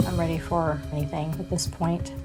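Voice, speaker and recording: A woman's voice: sits low, flat delivery, brisk. A woman who runs an inn with her husband, speaking in a weary, desperate way on reality TV. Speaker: inn owner and wife. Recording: TV audio with loud music behind.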